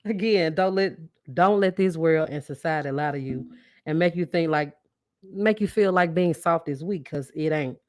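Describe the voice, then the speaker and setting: A woman's voice: low voice, measured pace, a little mellow, no room sound, studio quality. A woman hosting a podcast, giving a preachy, motivational monologue with call-and-response lines and frequent laughs. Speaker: podcast host.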